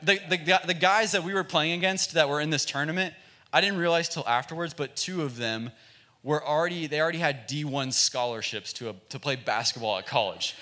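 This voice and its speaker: A man with a bright, forceful voice tells a sermon story in a relaxed, self-mocking way. He talks like a youth pastor chatting with friends, loose and full of filler words. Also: fairly high pitch, fairly quick.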